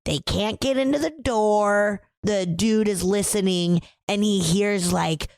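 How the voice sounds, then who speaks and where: A woman's voice: medium pitch, slow pace, creaky, darkish tone, dry recording. A woman co-hosting a podcast, retelling a film plot in blunt, joking casual chat with plenty of swearing. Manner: blunt, swears, jokes, exaggerates. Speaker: podcast co-host.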